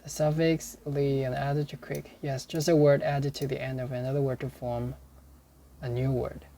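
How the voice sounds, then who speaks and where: A man working through dictionary entries aloud, explaining them in a halting way and repeating each sample sentence several times. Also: mid-range voice, flat delivery, warm tone, a little hiss or hum. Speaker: English learner studying a dictionary.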